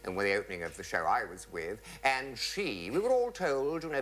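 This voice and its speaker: A man's voice: on the low side, very animated, a little fast, hardly any pauses, fairly bright tone. A man telling comic stage anecdotes to a studio audience, theatrical, switching into swooping voices for the people he quotes. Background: audience laughter.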